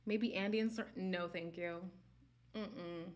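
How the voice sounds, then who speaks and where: Speaking slowly in a steady, lowish voice, a young woman hosts a live stream about a reality show. Her chat with viewers is relaxed and candid, punctuated by frequent laughter.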